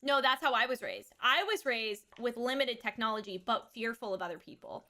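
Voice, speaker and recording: Woman in her thirties, streamer; bright, fairly high voice, frank rambling chat with casual swearing. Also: brisk. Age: 30s. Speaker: streamer and mother.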